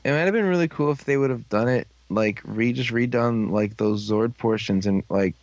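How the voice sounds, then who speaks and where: A man's voice: mid-range voice, normal speed, dry recording. A man chatting casually about a TV show, hesitant and restarting his sentences. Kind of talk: casual fan chat.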